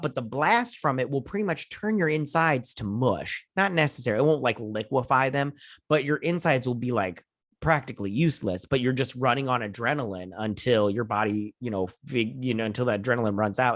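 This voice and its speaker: A man's voice: mid-range voice, fairly bright tone, dry recording, clean studio sound. A man hosting his own channel, giving a casual, rambling recap and review of a TV episode. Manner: rambling, chatty, lots of "he's all like" retelling. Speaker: TV show reviewer and channel host.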